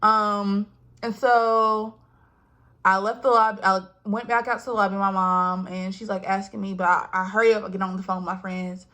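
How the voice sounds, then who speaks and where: Young woman vlogging, animated storytelling, acts out voices, hushes for asides. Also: mid-range voice, normal speed. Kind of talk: casual storytelling.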